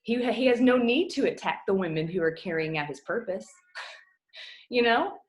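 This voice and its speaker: A woman's voice: medium pitch, lively intonation, moderate pace. Earnest woman coaching her team. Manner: earnest, emotional, choking up at times; casual, with fillers like "like" and "y'all". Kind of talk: motivational talk on a video call. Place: home. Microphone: video call.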